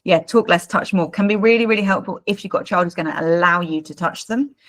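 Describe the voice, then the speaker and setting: A woman's voice: on the low side, fast talker, a bit bright. A woman leads a live parenting workshop as a coach, talking in a chatty, informal way with many fillers and repeated words. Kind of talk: live online workshop talk.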